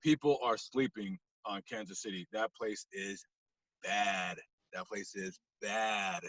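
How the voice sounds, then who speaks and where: A man, a podcast guest, animatedly telling a story, acting out scenes and swinging from hushed to loud. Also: on the low side, steady tone, takes it slowly, no room sound, highs cut off.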